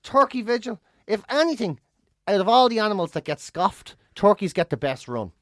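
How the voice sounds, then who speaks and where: A man's voice: sits high, normal speed, no room sound, studio quality. Ranting man co-hosting. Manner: animated ranting, emphatic repetition, swearing. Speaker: podcast co-host. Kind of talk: casual chat.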